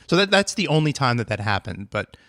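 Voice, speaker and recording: A man sitting in as a guest on a podcast, telling stories in an animated, teasing casual chat. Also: mid-range voice, fairly quick, no echo, clean studio sound. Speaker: guest co-host.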